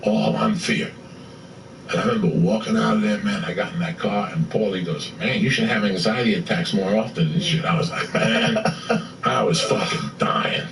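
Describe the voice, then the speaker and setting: A man telling a story with profane, excitable energy, acting out what people said. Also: lowish voice, moderate pace, gravelly, a little hiss or hum. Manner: profane, excitable, acts out quotes. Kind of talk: animated storytelling. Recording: roomy echo from a distant mic.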